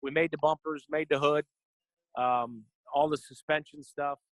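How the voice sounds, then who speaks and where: A man's voice: a little high, steady tone, unhurried, dry recording, poor audio. A middle-aged man walking through a car build in his workshop, listing the parts in short, matter-of-fact phrases. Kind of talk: casual walkthrough explaining a build.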